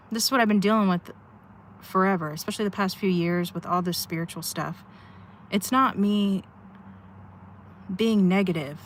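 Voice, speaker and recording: A woman's voice: lowish voice, slight background noise. A woman livestreaming from inside her car at a rest stop, venting candidly and rambling with sighs. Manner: rambling, sighing, heartfelt venting. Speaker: live streamer.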